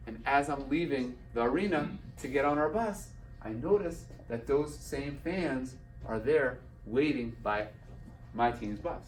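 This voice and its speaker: A man giving a lively personal storytelling talk to an audience, acting out the dialogue. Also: mid-range voice, unhurried. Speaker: speaker. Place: event hall. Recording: roomy sound from a distant mic.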